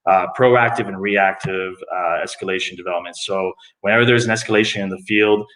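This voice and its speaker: A lower-voiced middle-aged man talks through his story as a podcast guest, his voice bouncing around a roomy space. He is casual and lively, with lots of fillers and restarts. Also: fairly quick. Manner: animated, jumps into high voices for quoted people. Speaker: interview guest. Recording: echoey room.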